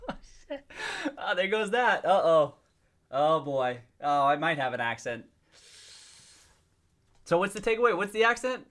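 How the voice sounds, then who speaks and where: A man's voice: fairly high pitch, big pitch swings, a little slow, pauses often, a bit bright. Playful, laughing man chatting on a livestream. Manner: chatty, playful, laughs often, restarts sentences; reacts to and reads out viewer comments. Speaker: livestream host reading viewer chat. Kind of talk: casual livestream chat.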